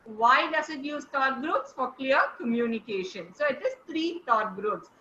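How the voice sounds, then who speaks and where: A woman's voice: high voice, animated, measured pace, sharp tone, slight background noise. A woman, coaching a class over a video call and quizzing listeners encouragingly. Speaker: speaking coach. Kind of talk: online teaching session. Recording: echoey, slightly dull call audio.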